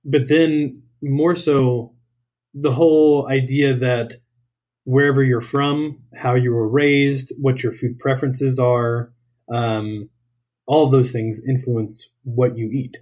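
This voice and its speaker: A man's voice: medium pitch, slow. Laid-back young man telling stories. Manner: relaxed storyteller, laughs while telling anecdotes. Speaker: guest, dietitian. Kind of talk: casual interview chat.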